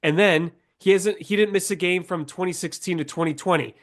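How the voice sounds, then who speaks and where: A man with a stuffed-up, nasal voice from a cold co-hosts a casual sports podcast. He talks a little high and rambles through player stats. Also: a little fast, a bit bright. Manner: rambling stats-heavy analysis. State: congested from a cold. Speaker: podcast co-host.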